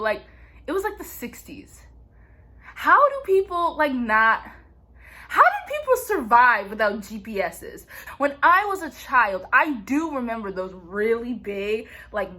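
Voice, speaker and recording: Chatty young woman with a high, bright voice. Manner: chatty and playful, says "like" constantly. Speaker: vlogger. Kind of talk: casual TV recap chat.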